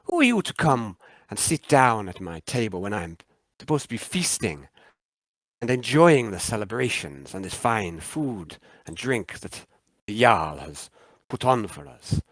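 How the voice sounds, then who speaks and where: Man doing a proud old warrior, defiant, deep lively voice, dry close sound. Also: measured pace, no room sound, exaggerated voice. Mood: grave. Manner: solemn, grave and defiant.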